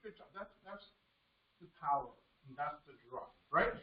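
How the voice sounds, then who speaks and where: Man, piano teacher, lively upbeat voice, coaching, keeps asking "okay?", distant mic, echoey studio. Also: on the high side, moderate pace. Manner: encouraging, checks in with frequent "okay?". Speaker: piano teacher leading a masterclass. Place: music studio indoors with a piano. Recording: distant, roomy and dull with piano behind.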